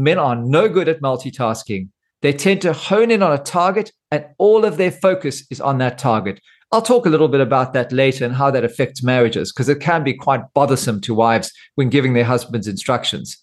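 A man's voice: mid-range voice, expressive, brisk. A middle-aged man hosting a scripted monologue, with dry, self-mocking humor. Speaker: host.

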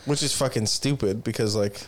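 A man's voice: fairly low pitch, a little fast. A man in casual chat who rambles with many fillers and swears freely. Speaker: podcast co-host.

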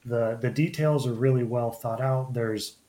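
Halting man chatting about games. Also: medium pitch, fairly even intonation, mellow. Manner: halting, many restarts and fillers. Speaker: podcast host. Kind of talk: casual chat.

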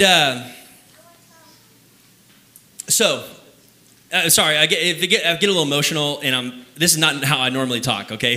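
A young male pastor preaches in a relaxed, storytelling manner. His voice is bright and forceful and sits a little higher than most men's. He drags out key phrases for emphasis. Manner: conversational storytelling, laughs at himself, slows down for emphasis. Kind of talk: sermon.

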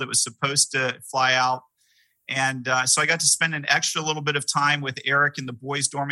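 A middle-aged male pastor preaches in an earnest, conversational way, often restarting with fillers. His voice sits in a middle pitch with a very bright, clear edge. The sound is dry and close, with no room around it. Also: no echo, low-quality recording. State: sick with a mild cough. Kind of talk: sermon.

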